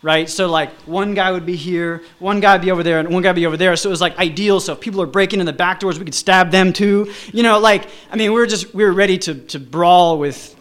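Guy telling a wild story, fairly high voice, chuckles a lot, keeps saying you know. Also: fast, few pauses. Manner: animated, chuckling, many fillers like "you know". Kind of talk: personal anecdote storytelling.

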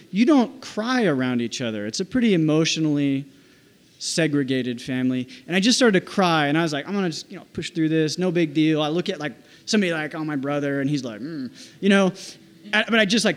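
A man telling a personal story in a halting, reflective way, with many restarts and "like"s. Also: fairly high pitch, animated.

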